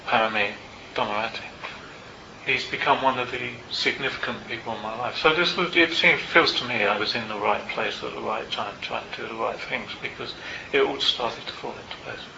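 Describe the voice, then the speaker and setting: An older man, a meditation teacher, tells a personal story to a group in a Buddhist centre, in a reflective and unhurried way with small asides. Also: mid-range voice, gravelly, bright, forceful tone, a little hiss or hum. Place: Buddhist centre meeting room. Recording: roomy, slightly dull hall recording.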